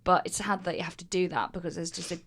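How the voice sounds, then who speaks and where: A woman's voice: on the low side, fairly even intonation, quick pace, a bit bright, a little hiss or hum. A comedian woman co-hosting a podcast, talking in a chatty, sweary way with lots of "like". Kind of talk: casual chat.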